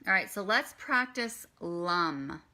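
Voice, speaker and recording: A woman's voice: lowish voice, lively intonation, slow, pushed and bright. A woman teaching meditation in a chatty live stream, guiding the listener through breathing and chanting. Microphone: phone.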